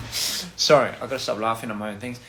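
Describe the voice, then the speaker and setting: A man's voice: medium pitch, expressive, normal speed, fairly bright tone, reverberant. A man chatting casually on a phone livestream, rambling through goofy wordplay and laughing at his own jokes. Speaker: livestream host.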